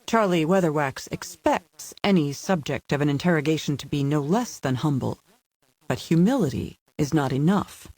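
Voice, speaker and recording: A man reading a thriller audiobook aloud in an even, measured scripted narration. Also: on the high side, no room sound.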